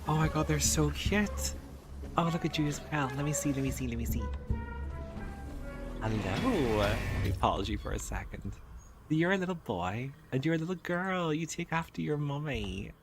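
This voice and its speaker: Male gaming host, lively swooping voice, excitable, over game music. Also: a little high, moderate pace. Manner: excitable, cooing at baby creatures. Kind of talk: let's play commentary.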